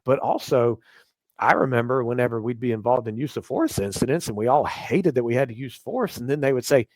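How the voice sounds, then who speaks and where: A man from the United States with a voice of ordinary pitch talks as a podcast guest. He trains police officers and explains his ideas earnestly and at a measured pace. The recording is close and dry. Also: a little mellow, dry recording. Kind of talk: casual podcast interview.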